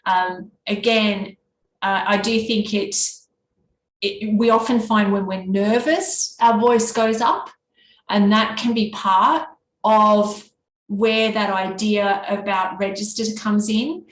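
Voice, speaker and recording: A woman's voice: medium pitch, takes it slowly. A woman with a nasal Australian East Coast accent presenting a teacher workshop in an easy conversational way. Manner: can be monotone; conversational, with fillers and restarts. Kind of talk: workshop talk. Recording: echoey room with faint background noise.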